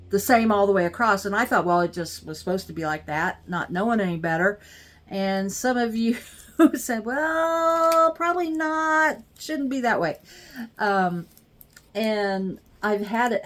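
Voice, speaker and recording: Slow-talking excitable woman vlogger. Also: medium pitch. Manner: gushing, excitable, chatty with viewers. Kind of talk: casual unboxing vlog.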